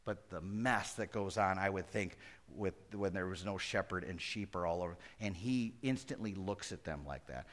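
A middle-aged pastor preaching a conversational sermon that rises to emphatic peaks. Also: male voice, low voice, normal speed, hardly any pauses, fairly bright tone.

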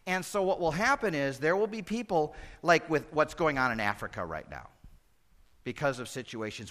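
A middle-aged pastor preaching a conversational sermon that rises to emphatic peaks. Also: male voice, fairly high pitch, lively intonation, moderate pace, fairly bright tone.

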